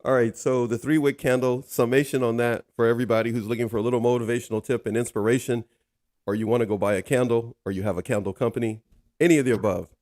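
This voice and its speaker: A man's voice: medium pitch, steady tone, fast talker, a little mellow, no echo, clean studio sound. A man hosting a casual podcast, joking and teasing his guest and often telling her to go ahead. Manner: joking, teasing, keeps handing over with "go ahead". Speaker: podcast host.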